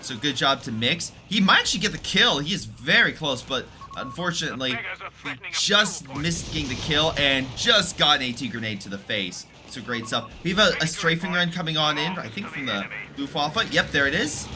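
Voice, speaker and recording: A man's voice: a little high, animated, normal speed, over music. A man casually commentating a strategy game replay, rambling and chatty, with many fillers and self-corrections. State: recovering from illness.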